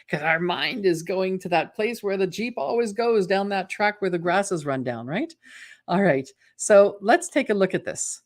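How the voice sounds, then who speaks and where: A woman coaching on a live webinar, lively and chatty, often checking in with her audience. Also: lowish voice. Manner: lively, acts out imagined inner voices in quotes; chatty, asks the audience "right?". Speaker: mental fitness coach hosting a webinar.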